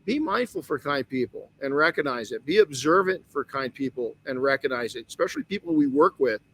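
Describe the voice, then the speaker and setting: A man's voice: medium pitch, expressive, fairly quick. A middle-aged man hosting a motivational podcast, telling a personal story earnestly with many restarts. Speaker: podcast host.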